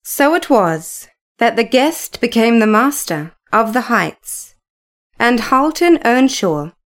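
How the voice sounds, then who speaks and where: A woman reading a classic novel aloud as narrator, in an unhurried, measured storytelling manner. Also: on the high side, big pitch swings.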